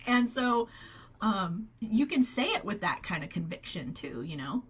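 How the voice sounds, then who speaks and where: A middle-aged woman leading a live faith-based coaching call, animated and upbeat, laughing often as she speaks. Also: mid-range voice, measured pace, slight background noise. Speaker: holistic health coach.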